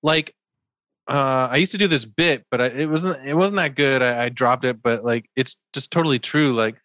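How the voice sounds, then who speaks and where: A man's voice: medium pitch, normal speed, fairly bright tone, no echo, clean studio sound. A man co-hosting a casual remote podcast chat, rambling with restarts and laughing often. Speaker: podcast co-host.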